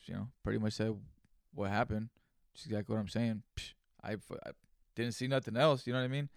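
A man's voice: lowish voice, gravelly, no room sound, studio quality. Man telling a story on a casual podcast. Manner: rambling, profane, conversational. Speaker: podcast host. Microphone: studio microphone.

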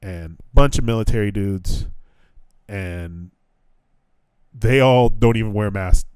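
A man in his thirties from the United States hosts a casual podcast, recounting a story with plenty of swearing and quoted back-and-forth dialogue. His voice sits a little low, and the close recording is dry with no room sound. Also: slow, darkish tone, clear, resonant tone, dry recording. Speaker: podcast host. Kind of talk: casual chat.

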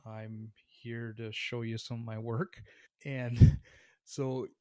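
A man telling a story about his career as a tattoo artist in a relaxed, conversational way. He acts out the other people in the story and laughs often. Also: mid-range voice, takes it slowly, no room sound, clean studio sound. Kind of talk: casual storytelling.

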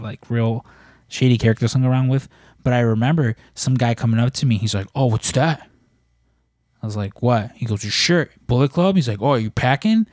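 Brief: male podcast co-host, mid pitch, loose storyteller who swears, dry room. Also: warm tone, no room sound. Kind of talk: casual chat.

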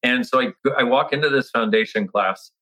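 A man's voice: mid-range voice, normal speed, pushed and bright, poor audio. A middle-aged man telling a personal story in conversation, acting out his past self with exclamations and restarting his sentences often. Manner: frequent restarts and filler words. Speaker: interview guest.

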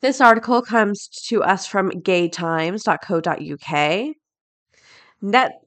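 Headlines get read out between bursts of laughter as a middle-aged woman hosts her daily podcast. Her mid-range voice has a fairly bright tone, and the chat is loose and off the cuff.

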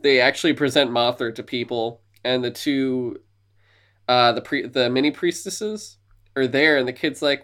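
Excited man retelling a movie. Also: mid-range voice, normal speed. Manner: enthusiastic retelling of movie scenes, slipping into silly voices. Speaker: podcast co-host. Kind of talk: casual podcast chat.

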